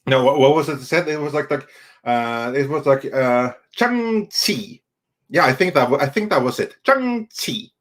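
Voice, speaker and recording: A man's voice: mid-range voice, a little fast. Hesitant, sarcastic male co-host. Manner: hesitant, many fillers, deadpan sarcasm. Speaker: co-host, film reviewer. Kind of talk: casual livestream chat.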